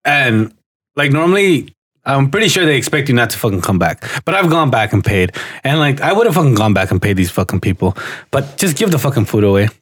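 A man's voice: mid-range voice, sing-song, brisk, fairly bright tone, slightly rough. A young man co-hosting a casual podcast, teasing his friend with profane banter. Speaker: podcast co-host. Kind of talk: casual chat.

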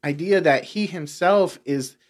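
A man's voice: a little high, a little slow. A man in a casual spiritual discussion, explaining earnestly with many fillers.

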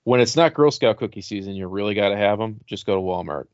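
A middle-aged man with a lowish voice hosts a loose podcast conversation, drifting between stories and swear words. The sound is dry and a bit dull, like a cheap home podcast setup. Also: expressive, quick pace, clear, resonant tone, no echo. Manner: rambling, swears freely, laughs at own jokes. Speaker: podcast host. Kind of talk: casual podcast chat.

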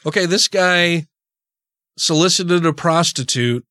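A man hosting a casual podcast, with a slightly higher voice. He laughs often and swears freely. He is recorded dry and close to the mic, with no room sound. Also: slow, sharp tone, dry recording. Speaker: podcast host.

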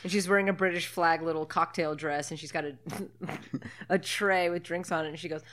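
A woman's voice: lowish voice, fairly even intonation, brisk, fairly bright tone. A woman co-hosting a podcast, chatting casually over a movie, laughing often and swearing freely. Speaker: podcast co-host. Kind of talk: casual movie commentary chat.

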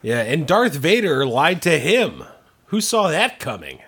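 A man's voice: fairly high pitch, huge pitch swings, unhurried, a bit bright, breathy edge. A man co-hosting a podcast in casual chat, teasing his friends and laughing often. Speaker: podcast co-host.

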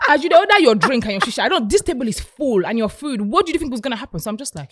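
Lady co-hosting a podcast, tells stories fast and acts out quotes, dry close sound. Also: high voice, no room sound. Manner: animated storyteller, acts out quotes. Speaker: podcast co-host. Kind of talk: casual chat, storytelling.

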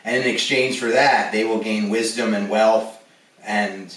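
A man guesting on a comedy podcast, telling rambling stories in a deadpan way. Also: on the low side, a little slow. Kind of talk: casual comedic chat. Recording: echoey, distant from the mic.

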